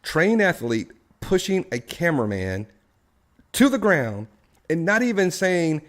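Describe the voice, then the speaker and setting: A man's voice: on the high side, very animated, moderate pace. A man hosting a casual live-stream discussion, telling a story and putting questions to his co-hosts and the chat. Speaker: live show host.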